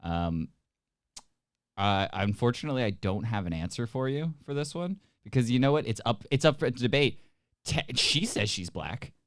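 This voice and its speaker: A man's voice: medium pitch, lively intonation, normal speed, no echo, clean studio sound. A Canadian man hosting a comedy podcast, riffing in casual banter and laughing often between jokes. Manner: laughs often, riffs in put-on voices. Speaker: podcast host.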